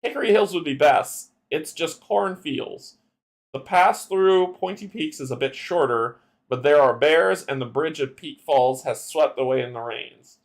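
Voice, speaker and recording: A man's voice: a little high, measured pace. A man voicing a helpful tavern woman who gives travel advice, reading the card dialogue aloud in a card game. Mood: advising.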